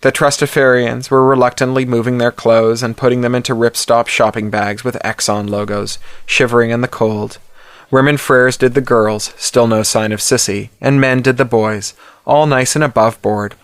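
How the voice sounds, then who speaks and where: A man narrating a first-person story in a steady, wry reading. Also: mid-range voice, moderate pace, clean tone, no echo. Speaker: audiobook narrator.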